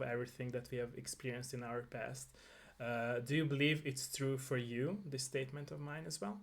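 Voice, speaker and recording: A man hosting an interview, asking his questions earnestly and deliberately, laying out his thoughts one item at a time. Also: medium pitch. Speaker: host.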